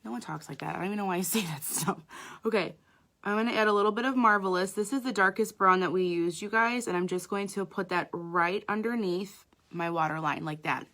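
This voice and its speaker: A woman's voice: medium pitch, a little fast, a bit bright. A woman makeup artist giving a chatty live makeup tutorial, talking straight to her viewers.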